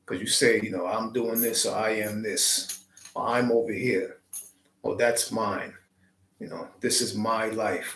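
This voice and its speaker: A man hosting his channel, giving a slow, reflective spiritual talk with deliberate, drawn-out phrasing. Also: lowish voice, fairly bright tone, echoey room, rough recording. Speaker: channel host.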